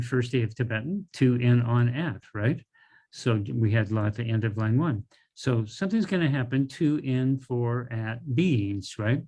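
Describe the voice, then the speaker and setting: A middle-aged man teaching a language class in a relaxed, informal way, going over words slowly and often checking in with "right?" and "okay". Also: medium pitch.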